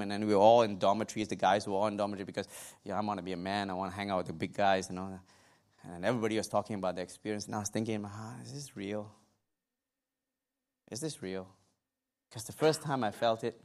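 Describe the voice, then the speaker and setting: A man's voice: fairly low pitch, rapid-fire. A man preaching a sermon, telling a personal story with humor and asides to his congregation. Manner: humorous, animated testimony with asides to the audience.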